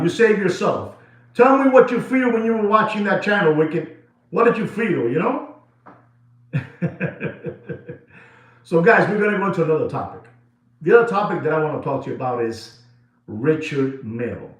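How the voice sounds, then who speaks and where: A man's voice: on the high side, animated, normal speed, long pauses. Rambling, emphatic man in an echoey room. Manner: rambling, repetitive, emphatic, code-switching with Spanish. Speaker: watch channel host. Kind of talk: casual monologue to viewers.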